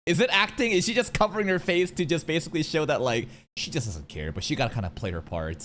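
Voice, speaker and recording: A man hosting an anime reaction, talking casually in an animated, slangy and profane way, often saying "bro". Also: on the high side, fast talker, noisy background.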